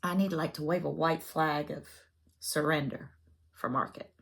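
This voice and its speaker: A woman's voice: sits low, fairly even intonation, moderate pace, vocal fry, husky. A woman chatting casually as a cross-stitch vlogger, self-deprecating and full of fillers. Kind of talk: casual chat.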